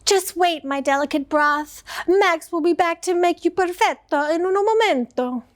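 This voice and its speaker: A woman's voice: very high-pitched, normal speed. A woman voicing a fussy male duck chef with theatrical, mock-Italian flourishes in a storybook.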